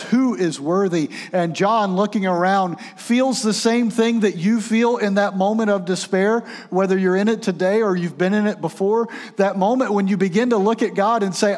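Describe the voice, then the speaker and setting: Preacher man in a reverberant hall. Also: high voice. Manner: swings from loud urgent peaks to hushed quiet passages. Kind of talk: sermon.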